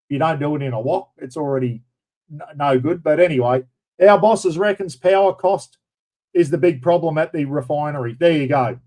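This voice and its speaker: A man's voice: on the high side, fairly quick, darkish tone, low-quality recording. A middle-aged Australian man hosting a casual chat, rambling and blokey, throwing in "mate" and "bloody" all the time. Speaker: livestream host.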